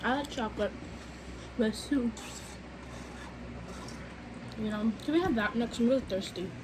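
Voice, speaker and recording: A woman's voice: fairly high pitch, a little fast. A young woman in casual chat, sarcastic and dramatic, often interrupting. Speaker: vlogger's sister. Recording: noticeable background noise.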